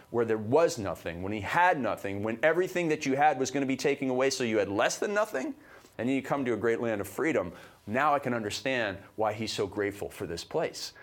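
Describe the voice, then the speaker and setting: A Canadian man co-hosts a motivational podcast, giving advice with emphatic, high-energy delivery.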